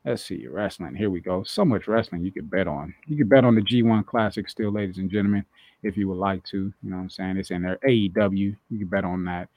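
A man's voice: low-pitched, fairly quick, dry recording, muffled recording. A man co-hosting a casual wrestling podcast, bragging and trash-talking with lots of swearing and laughter. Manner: boastful, profane, laughing trash talk. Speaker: podcast co-host.

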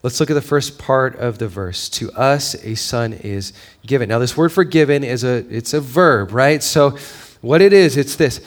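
A man preaching a sermon in a mid-range voice, talking to the congregation in a conversational way. He drops to a hushed tone for stories, then builds up to loud, emphatic points. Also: medium pitch, moderate pace, few pauses. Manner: swings from quiet, intimate storytelling to raised, emphatic preaching; conversational, with fillers and frequent "right?". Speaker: pastor.

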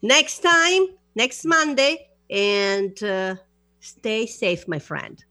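A woman's voice: on the high side, big pitch swings, drawn-out words, bright, forceful tone, no room sound, studio quality. A woman hosting a radio show, chatting casually and laughing easily in broken English.

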